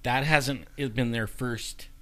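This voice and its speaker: A man's voice: mid-range voice, fairly even intonation, takes it slowly, fairly bright tone. A man guest telling a personal story in casual talk, acting out the voices he quotes and laughing often.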